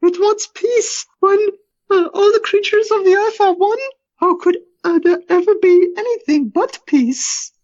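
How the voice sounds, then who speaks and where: A podcaster voicing an alien creature that wears a wife's face. The figure speaks in a high, wavering falsetto and pleads in an eerie, calm way. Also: measured pace, lo-fi sound. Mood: pleading.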